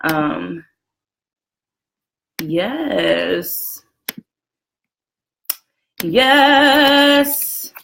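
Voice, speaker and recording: A woman in her twenties hosting a casual live video chat from a room at home, chatty and lively, greeting viewers by name and laughing often. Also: on the high side, drawn-out words, vocal fry, pauses often, slight background noise. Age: 20s. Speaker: livestream host. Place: room at home with a roommate next door. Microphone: camera and phone set up for a live stream.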